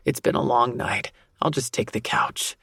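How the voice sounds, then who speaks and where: A woman voicing a gruff, blunt grown man with a rough voice in an audiobook. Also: rumbling low, normal speed, a bit bright, no room sound, studio quality, voice pushed down, exaggerated voice. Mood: low, teasing. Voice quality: rough, gravelly. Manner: blunt, curt. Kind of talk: audiobook character voice.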